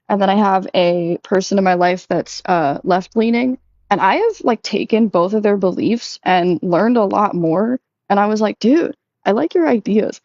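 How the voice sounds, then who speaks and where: A young woman talking casually and candidly to her audience, full of fillers, who jumps up in pitch when she acts out quoted lines. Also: a little mellow, no echo, lo-fi sound. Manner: chatty, lots of "like", acts out quotes in a higher voice. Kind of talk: casual confessional chat.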